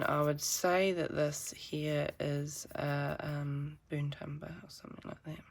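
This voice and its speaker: A woman giving a chatty, rambling painting tutorial with self-deprecating asides. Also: sits low. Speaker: art teacher.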